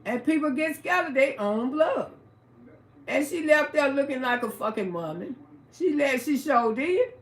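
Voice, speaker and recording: Livestream host, female, high bright voice, swears freely while she tells a story, echoey room. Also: measured pace. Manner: profane, animated, emphatic retelling. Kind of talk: casual storytelling to a live audience.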